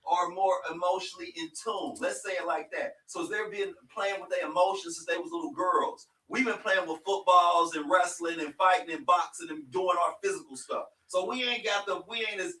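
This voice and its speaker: A man's voice: high voice, fairly even intonation, brisk, hardly any pauses, bright, forceful tone, far from the mic. A man co-hosting a casual group debate, talking in a blunt, profane way and often repeating himself. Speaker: podcast co-host. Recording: echoey room, off-mic.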